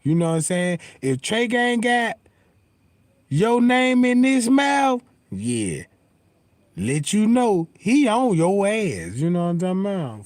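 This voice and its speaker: A high-voiced man rants on his livestream with wildly swinging pitch. He rambles, curses freely and keeps asking if you know what he's talking about. The sound is dry and close. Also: no echo. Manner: heated and animated. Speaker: livestream host. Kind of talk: casual livestream rant.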